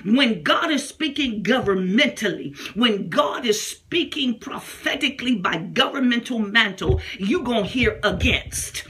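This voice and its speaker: A woman preaching a sermon with fervent intensity, mixing folksy asides with bursts of praying in tongues and raised, shouted lines. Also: on the high side.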